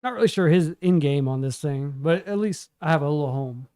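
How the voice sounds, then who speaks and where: A man's voice: a little high, fairly quick, mellow, clear, resonant tone. A man playing a tabletop game, speaking in character in an offhand, mild way. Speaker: player. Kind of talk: casual in-character play.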